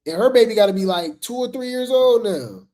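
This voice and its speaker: A woman's voice: on the high side, animated, brisk, mellow. A woman hosting a casual gossip commentary show, chatty and slangy, laughing often as she talks.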